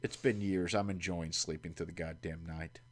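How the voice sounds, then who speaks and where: A man with a Kentucky accent casually telling stories to his livestream chat, swearing and making wry deadpan asides. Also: deep voice, moderate pace. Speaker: livestream host. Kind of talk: casual storytelling. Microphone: home streaming mic.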